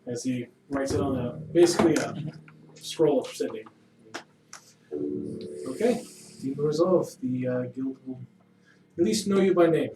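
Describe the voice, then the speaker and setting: A man narrating as game master in a relaxed, loose way. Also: mid-range voice, measured pace, long pauses, noisy background. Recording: roomy distant mic with music.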